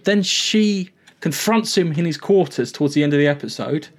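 A man in casual conversation, retelling a TV episode in a rambling, animated way and swearing freely. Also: fairly high pitch, normal speed. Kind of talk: casual TV recap chat.

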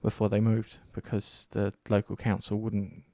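A man's voice: on the low side, moderate pace, no echo, clean studio sound. Sweary rambling man. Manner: rambling, swears often, animated storytelling. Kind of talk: casual chat about games.

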